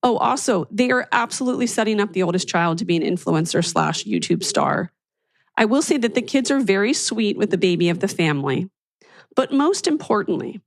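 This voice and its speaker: A woman hosting a podcast, chatting casually and reacting quickly to her guest. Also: medium pitch, vocal fry, no echo, studio quality. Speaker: podcast host. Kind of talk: casual chat.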